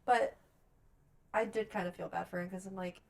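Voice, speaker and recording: A woman's voice: on the low side, fairly even intonation, normal speed, creaky, a little mellow. A woman co-hosting a casual book podcast, talking in a reflective, slightly hesitant way. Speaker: podcast co-host.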